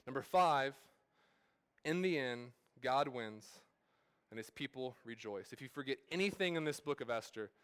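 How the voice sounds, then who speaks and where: A man's voice: mid-range voice, animated, moderate pace, a bit bright, smooth. A man in his thirties, a pastor, preaching a sermon at a church service in a casual, storytelling way full of fillers and restarts.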